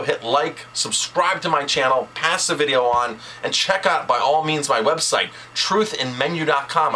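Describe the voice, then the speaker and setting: A male chef talks straight to camera in an outraged vlog rant. His voice is bright and forceful, and he stresses his points by repeating words. Faint noise sits under the recording. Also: mid-range voice, low-quality recording.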